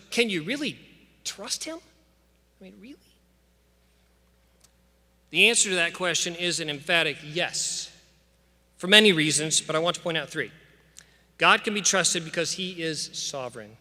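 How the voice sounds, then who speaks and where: A man's voice: fairly high pitch, sharp tone. A man giving an earnest, emphatic commencement address with scripture, in a preacherly cadence to graduates in a large church. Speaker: school official addressing graduates. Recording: long church-hall reverb.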